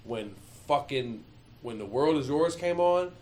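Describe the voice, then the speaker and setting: A man's voice: mid-range voice, a little slow. A man from Michigan telling stories in a casual chat, swearing a lot and acting out what people said. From Michigan, USA. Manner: animated storyteller, heavy swearing, acts out quotes.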